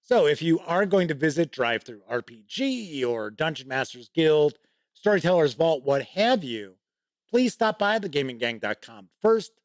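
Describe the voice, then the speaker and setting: A man's voice: fairly high pitch, sing-song, normal speed, no echo, studio quality. A man hosting a casual livestream show, rambling with many asides and reading out viewer chat comments. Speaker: show host.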